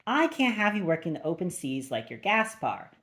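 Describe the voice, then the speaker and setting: A woman's voice: fairly low pitch, big pitch swings, normal speed, fairly bright tone. Woman voicing a brash male spy playing mobster. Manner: brash, swaggering.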